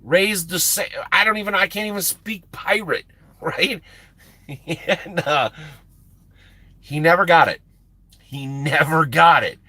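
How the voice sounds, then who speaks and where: A man's voice: on the high side, slow pace, pauses often, dry recording. An American man, a truck driver and live-stream host, telling a story in a casual, profane way with frequent laughs. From United States. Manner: animated, profane, laughing often.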